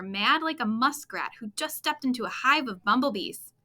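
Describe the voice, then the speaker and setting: An expressive woman reading a children's bedtime story aloud. Her voice is bright and crisp, swooping up and down with lively, playful pitch as she draws young listeners in. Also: moderate pace. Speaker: storytime reader.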